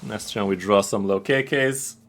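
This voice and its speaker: A man streaming a card game, with casual, excitable and profane commentary. His voice sits on the lower side, and he trash-talks his opponents. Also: moderate pace.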